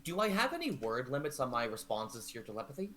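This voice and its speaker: A man's voice: medium pitch, big pitch swings, fast talker, background noise. A man playing a tabletop game, expressively narrating his character's actions. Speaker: player. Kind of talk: tabletop role-play narration.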